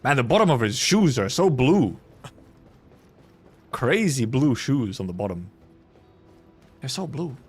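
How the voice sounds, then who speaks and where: Lively playful young man streaming a game. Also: medium pitch, measured pace, pauses often, husky, soft background music. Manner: thinks aloud, playful, swears, laughs often. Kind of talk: casual gaming commentary.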